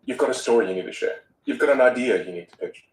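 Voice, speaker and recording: A man talking as a vocal coach in a podcast conversation, animated and acting out example voices. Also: mid-range voice, fast, reverberant, recorded from a distance, poor audio.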